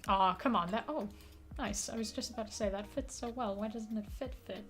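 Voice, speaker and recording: A woman's voice: medium pitch, brisk, fairly bright tone, faint music behind. A woman who is not a native English speaker, chatting casually and rambling as a streamer while playing a puzzle game, with lots of fillers, casual swearing and laughter.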